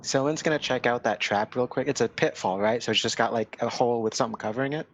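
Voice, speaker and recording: A man playing a tabletop game casually, thinking aloud with hesitant pauses. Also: mid-range voice, highs cut off. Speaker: player.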